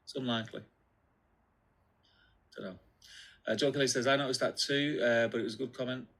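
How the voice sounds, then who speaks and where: A man reads out viewer comments on a casual stream, pausing on fillers. His mid-pitched voice has a gravelly fry, and his delivery stays easygoing. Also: steady tone, a bit bright. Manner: laid-back, reads comments aloud with fillers. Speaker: co-host reading chat comments. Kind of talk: casual livestream chat.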